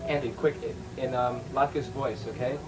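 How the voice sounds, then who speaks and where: A man interviewing a comedian, brisk and directing. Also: medium pitch, steady tone. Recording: noisy background.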